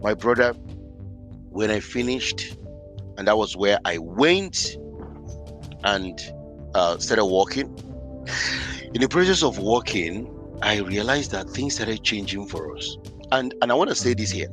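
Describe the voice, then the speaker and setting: A man, a podcast guest, telling his life story in an animated, emphatic way. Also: fairly low pitch, unhurried, pauses often, faint music behind. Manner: animated, emphatic, acts out scenes. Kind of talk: personal storytelling in conversation.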